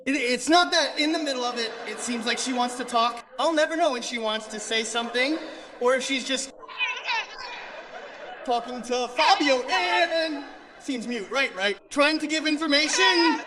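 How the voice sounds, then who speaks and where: A man's voice: very high voice, fairly quick. A man from Brazil doing stand-up crowd work, teasing audience members and laughing often. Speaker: stand-up comedian. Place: comedy stage before an audience.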